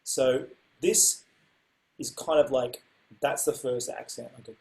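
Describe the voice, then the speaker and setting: A man teaching music in a casual way, stepping through rhythms by voicing them on repeated syllables with loud and soft accents. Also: mid-range voice, unhurried, vocal fry. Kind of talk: casual instructional talk.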